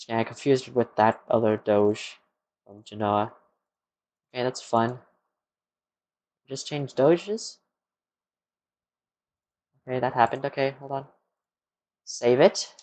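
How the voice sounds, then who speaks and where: Slow, tired young man muttering. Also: medium pitch, a little mellow. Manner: rambling, muttering to himself, answering chat questions. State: tired, yawning. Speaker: live streamer. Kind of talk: casual live-stream chat while working.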